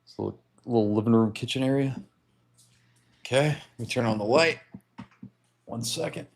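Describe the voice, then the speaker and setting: A man's voice: mid-range voice, normal speed, vocal fry, slight background noise. A man hosting a whiskey livestream from his home, chatting loosely and joking as he walks to his garage holding his phone. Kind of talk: casual livestream chat. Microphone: handheld phone.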